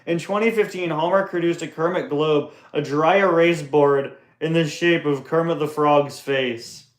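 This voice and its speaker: A man's voice: fairly high pitch, steady tone, measured pace. A young man hosting a casual live question-and-answer stream from home, joking and tripping over his words, talking into a phone on a tripod. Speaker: livestream host.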